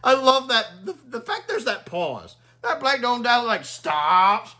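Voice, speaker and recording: Lively, laughing man in a chatty review. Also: very high-pitched, unhurried. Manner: gleeful, laughs often, chatty with many "like"s. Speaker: video reviewer. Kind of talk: casual spoken review.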